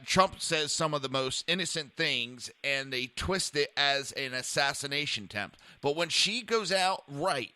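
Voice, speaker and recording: Radio host guy, kinda high, super bright punchy voice, blunt and cussing, lots of restarts, dry close sound. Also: no echo. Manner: blunt, profane, stumbling restarts. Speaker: radio talk show host. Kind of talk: casual political talk radio.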